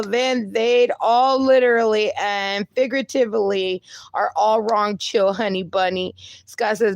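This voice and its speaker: A woman's voice: fairly high pitch, dry recording. A young woman hosting a casual livestream, reading viewer comments aloud and answering them with upbeat encouragement, laughing often and swearing a little. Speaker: livestream host.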